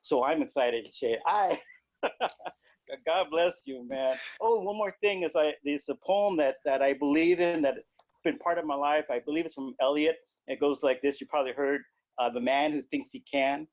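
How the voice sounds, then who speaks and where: A man with a fairly high voice recites lines in an earnest, heartfelt way. His voice comes through a dull, muffled call line. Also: moderate pace, a little mellow. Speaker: call participant. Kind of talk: reciting a poem.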